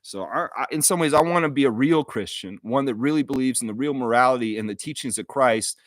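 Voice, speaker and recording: A man's voice: mid-range voice, fast, no room sound, clean studio sound. A man hosting a live fan stream, talking earnestly and emotionally in a heartfelt, apologetic way, often restarting his sentences. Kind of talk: unscripted live stream monologue.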